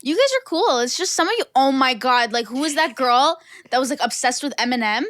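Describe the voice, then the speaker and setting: A woman's voice: high voice, animated, brisk, fairly bright tone, no room sound. A young woman guest on a podcast, telling stories in a brash, profane casual chat. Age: young adult. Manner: brash, profane, storytelling with lots of "like".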